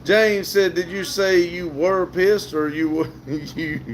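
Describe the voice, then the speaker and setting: Speaking slowly in a high voice with fairly even intonation, this middle-aged Southern US man hosts a laid-back livestream outdoors, with slight background noise. He reads chat comments aloud and laughs a lot.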